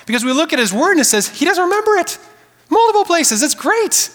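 Man, pastor, high voice, animated conversational preaching, reverberant sanctuary. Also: fast talker. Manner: animated, conversational preaching with audience call-outs. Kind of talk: sermon. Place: church sanctuary.

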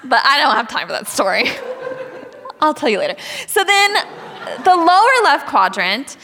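Woman, sermon with personal stories, high bright voice, animated and laughing, hall reverb. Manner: animated storytelling, laughs often, acts out voices. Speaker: speaker.

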